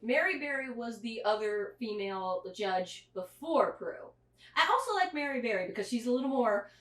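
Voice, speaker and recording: Animated woman talking from across a room. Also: fairly high pitch, a little hiss or hum. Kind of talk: casual chat off-mic. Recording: roomy, far from the mic.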